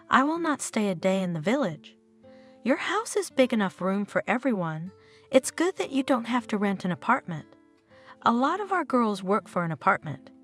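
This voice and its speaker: A woman voicing a young woman who plays an artless, chatty country girl in an audio story. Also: mid-range voice.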